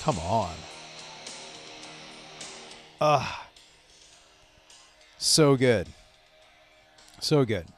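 A man hosting a comedy podcast, telling stories in a profane, animated way and laughing at his own jokes. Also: medium pitch, drawn-out words, long pauses. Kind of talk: casual comedic monologue. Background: faint rock music playing.

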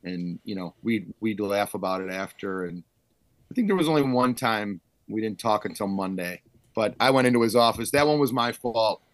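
A man in his thirties, a high school football coach, telling stories in a casual podcast chat and acting out what people said, with frequent laughs. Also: normal speed, no room sound. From Illinois, Chicago suburbs. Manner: storytelling, acts out quotes loudly, laughs often.

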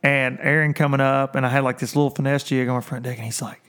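A man's voice: medium pitch, quick pace. A man hosting a casual fishing talk show, telling stories with lots of laughter and putting on voices for the people he quotes. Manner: animated storyteller, laughs often, quotes others in voices. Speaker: podcast host. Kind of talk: casual storytelling chat.

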